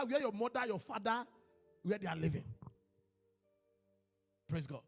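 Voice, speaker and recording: A man preaching a sermon as a pastor, moving from quiet storytelling into shouted, chanted exhortation. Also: high-pitched, breathy edge. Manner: preaching with rising shouts and chanted, sung phrasing. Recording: long hall reverb with faint music.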